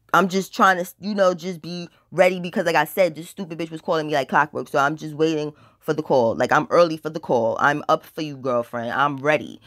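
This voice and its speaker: A woman's voice: low voice, fairly bright tone, no echo, clean studio sound. A woman telling a casual personal story in a blunt, profane, dramatic way, rambling with filler words. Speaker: storytime vlogger.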